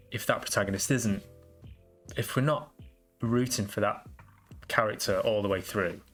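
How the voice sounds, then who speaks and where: A man's voice: on the low side, a bit bright. A man hosting a casual solo podcast, rambling and self-deprecating with lots of restarts. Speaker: podcast host.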